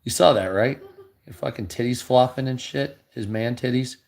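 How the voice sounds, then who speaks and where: A man's voice: medium pitch, moderate pace, creaky, darkish tone. A tired man giving blunt, heavily profane reaction commentary while reading news headlines aloud. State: tired, low energy.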